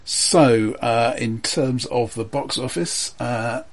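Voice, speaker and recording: A man running through a film chart in a casual chat with a friend. He speaks in a measured, hesitant way, pausing often on ums and uhs. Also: medium pitch. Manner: measured, hesitant, many fillers. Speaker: podcast co-host presenting a chart.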